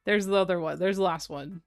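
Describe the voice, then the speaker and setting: A woman's voice: lowish voice, no echo. A young adult woman streaming, chatting casually and playfully, with frequent giggles and rambling asides. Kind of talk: casual livestream chat.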